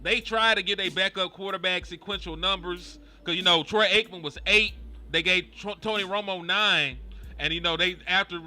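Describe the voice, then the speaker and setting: A man's voice: high-pitched, moderate pace, sharp tone. A man co-hosting a sports show, laid-back as he explains team history. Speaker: podcast co-host. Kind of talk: casual sports chat.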